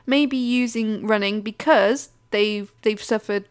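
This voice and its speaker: A woman co-hosting a casual podcast, chatty and quick to laugh, with animated asides. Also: medium pitch, clean tone. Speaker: podcast co-host.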